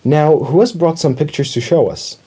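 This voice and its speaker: A man voicing a prim schoolteacher woman in a children's storybook who turns shrill when startled. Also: normal speed, mellow, husky. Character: school teacher woman, easily startled, shrieking.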